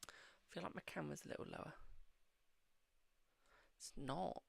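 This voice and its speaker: A man's voice: fairly high pitch, moderate pace, vocal fry, slightly rough, dry recording. A man hosting a casual live-stream tarot reading, chatting affectionately with viewers and calling them "my darling".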